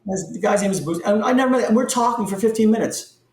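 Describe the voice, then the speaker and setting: Animated man, echoey distant sound. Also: high voice, quick pace. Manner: animated, voice jumps up in excited bursts. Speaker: podcast guest, company founder. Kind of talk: storytelling in an interview. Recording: echoey room, distant from the mic.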